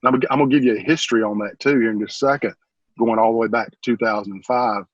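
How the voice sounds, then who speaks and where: A man's voice: on the low side, steady tone, fast talker, no echo, muffled recording. A man who is a church pastor, talking casually and earnestly in an interview, rambling a bit and calling the interviewer "man", emotional and close to tears. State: emotional, holding back tears.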